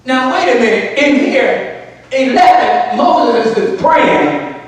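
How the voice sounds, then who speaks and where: A man's voice: very high-pitched, animated, slow. A male pastor, preaching a sermon emphatically and prompting the congregation to respond. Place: large church hall. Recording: echoey church hall from far off.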